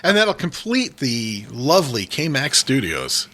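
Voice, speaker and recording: A man's voice: medium pitch, huge pitch swings, slow, pushed and bright. A man from New England, guest co-host on a casual podcast, rambling and joking with his friend. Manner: rambling, jokey, puts on silly voices.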